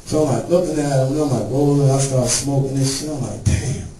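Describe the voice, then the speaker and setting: Profane stand-up comic in a roomy club. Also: male voice, steady tone, quick pace, warm tone, a little hiss or hum. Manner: profane storytelling, acts out characters in high voices. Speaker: stand-up comedian. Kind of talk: stand-up set. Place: comedy club stage. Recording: roomy club sound from a distance.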